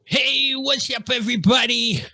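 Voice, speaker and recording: Slow, gravelly joking man. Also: extremely high pitch, fairly even intonation, pushed and bright, dry recording. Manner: playful, joking. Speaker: player.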